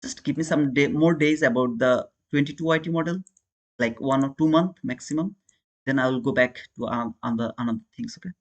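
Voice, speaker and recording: A man with a mid-range voice and a fairly quick pace hosts a live trading stream as a day trader. Speaking with an Indian accent, he chats casually with viewers, calls them brother, and answers their chat.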